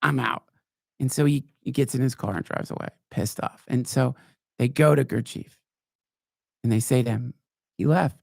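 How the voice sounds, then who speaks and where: A man hosting a podcast, telling rambling, profane stories in a wry, casual way, now and then jumping into high mocking voices. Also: steady tone, moderate pace, gravelly, dark tone, dry recording, studio quality. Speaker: podcast host. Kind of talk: casual storytelling monologue. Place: live show.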